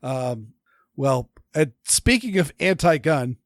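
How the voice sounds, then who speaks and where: Man co-host, casual chat, voice sits a bit high, lots of restarts and filler words, dry close recording. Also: animated, slow pace, dry recording. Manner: rambling, many restarts and fillers. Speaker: podcast co-host.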